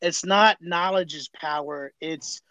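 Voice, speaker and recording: A man's voice: on the high side, takes it slowly, sharp tone, no room sound, low-quality recording. A man hosting a sales podcast, affirming his guest and asking conversational follow-up questions. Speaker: podcast host. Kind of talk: interview questions.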